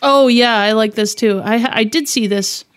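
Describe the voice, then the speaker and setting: A woman co-hosting a casual podcast, easygoing, reading passages aloud haltingly. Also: a little high. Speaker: podcast co-host. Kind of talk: casual chat.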